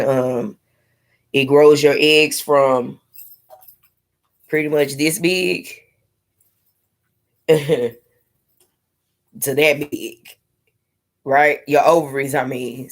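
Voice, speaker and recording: A woman's voice: sits low, steady tone, slow pace, pauses often. A young woman in casual live-stream chat, candidly talking to her viewers with sassy asides. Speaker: vlogger sharing her IVF journey.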